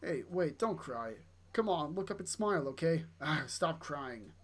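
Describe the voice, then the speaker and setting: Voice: medium pitch, lively intonation, measured pace. A player reading aloud for a blunt, sardonic young male mercenary. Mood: gruff. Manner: blunt, teasing.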